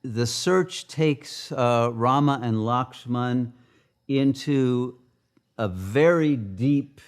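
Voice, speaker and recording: A man giving a spiritual retreat teaching, halting, with many filler pauses. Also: medium pitch, clean tone.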